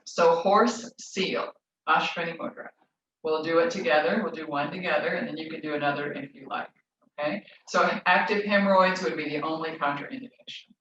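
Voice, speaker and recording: A woman leading a yoga class, giving gentle, soothing instructions. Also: low voice, a little hiss or hum. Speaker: yoga teacher. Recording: roomy, distant, dull lo-fi.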